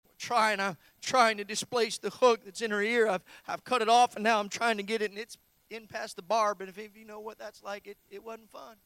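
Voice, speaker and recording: A male pastor preaching a sermon, telling a personal story and swinging between loud, urgent lines and hushed ones. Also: sits high, flat delivery, a little fast, clear, resonant tone, dry recording. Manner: personal storytelling with repeated phrases.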